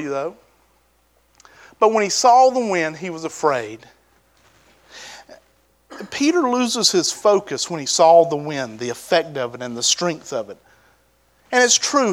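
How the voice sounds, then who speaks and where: A man delivers a sermon in a casual, conversational manner, his voice sitting fairly high for a man. He leans on rhetorical questions and swings between lifted, emphatic bursts and quiet, low asides. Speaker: preacher.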